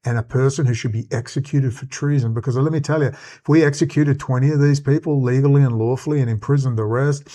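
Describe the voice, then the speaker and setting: A man's voice: medium pitch, dark tone. An Australian man hosting his own channel, delivering an agitated, rambling, profane commentary rant. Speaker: channel host.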